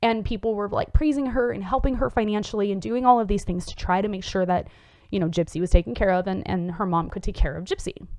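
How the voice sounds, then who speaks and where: A woman's voice: medium pitch, steady tone, fast talker, a little mellow, no echo. A woman hosting a psychology show, explaining in an earnest, casual way with many fillers and restarts.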